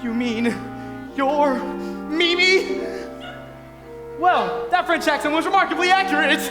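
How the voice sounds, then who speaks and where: A man's voice: very high voice, measured pace. A young man playing an earnest, pleading, lovestruck groom, recorded in an auditorium. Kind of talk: stage musical performance. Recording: echoey auditorium with music.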